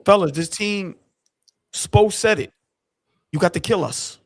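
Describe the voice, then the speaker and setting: A fairly high-voiced man pours out raw excitement as he hosts a fan sports stream. His talk is loose and slangy, full of emotion he says he cannot hold in. The sound is dry and close, with no room around it. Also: a little slow, dry recording. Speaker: sports show host. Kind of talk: excited post-game fan reaction.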